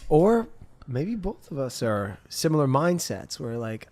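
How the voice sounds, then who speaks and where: Lively rambling man co-host. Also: a little high, unhurried. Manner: lively, rambling, jokey riffing. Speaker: podcast co-host. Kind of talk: casual chat.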